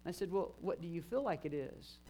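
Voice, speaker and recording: A man's voice: a little high, animated, brisk, dark tone. A man in his fifties, a pastor preaching a sermon and telling stories of church members with emphatic rises. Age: 50s. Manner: storytelling, retelling conversations, emphatic rises.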